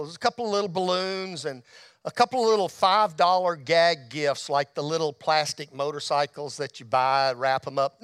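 A middle-aged man telling a testimony story in a church, folksy, dropping to a hush and rising to shouts. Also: a little high, no room sound, clean studio sound. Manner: folksy storyteller, drops to a hush at tender moments, rises to shouts. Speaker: motorcycle ministry speaker. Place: church hall.

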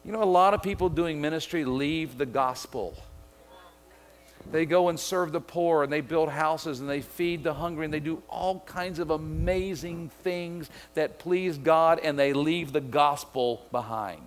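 A man's voice: on the high side, a little slow. A middle-aged pastor from Mississippi preaching a sermon, telling a story and driving home his point. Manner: storytelling, builds to excited shouting.

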